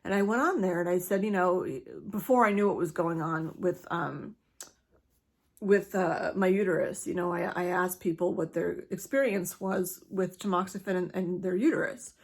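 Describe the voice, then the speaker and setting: A woman's voice: lowish voice, moderate pace. A woman talking candidly to the camera in a personal vlog, rambling and restarting, swearing and laughing through her frustration. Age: adult, not yet menopausal. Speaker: vlogger sharing her cancer journey.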